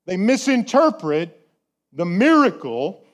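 A pastor preaching a sermon, chatty and full of rhetorical questions, slowing down to stress key words. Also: male voice, high-pitched, sing-song.

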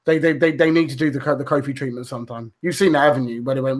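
A man's voice: mid-range voice, steady tone, fast. Emphatic man chatting wrestling. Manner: emphatic, repeats words for effect. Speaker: podcast co-host. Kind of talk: casual wrestling chat.

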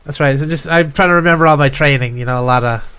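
A man's voice: fairly high pitch, fast talker, bright, forceful tone, clean tone. A man in an improv comedy scene playing a nervous call center worker on his first day, who stammers and rambles. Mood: flustered.

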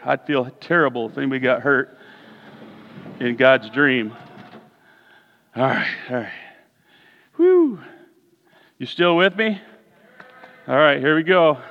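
A man preaching a lively, humorous sermon in a church sanctuary, his voice swooping up and down as he tells a story. The sound is dull and muffled, with long reverb from a large hall. He keeps turning to the congregation with questions. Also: mid-range voice. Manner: playful, animated, talks to the congregation.

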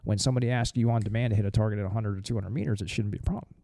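A man's voice: fairly low pitch, fairly even intonation, rapid-fire, creaky, mellow, no echo. A middle-aged man, a firearms instructor, telling blunt, profane stories in a casual podcast chat. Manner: blunt, profane, rambling with restarts. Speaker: firearms instructor and former Marine.

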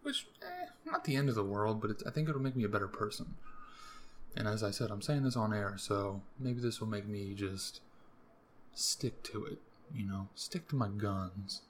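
Young male podcast host, lowish voice, loose profane rambling rants, faint background hiss. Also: sing-song, normal speed. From US East Coast. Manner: rambling, profane, jokey rants with sudden jumps in pitch. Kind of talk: casual solo rambling monologue.

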